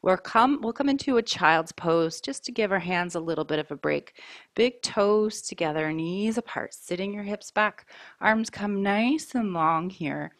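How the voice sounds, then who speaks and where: Slow, calm woman guiding a yoga class. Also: medium pitch, dry recording, clean studio sound. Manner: calm, slow, mindful cueing. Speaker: yoga teacher. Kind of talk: guided yoga class instruction. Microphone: wearing a mic.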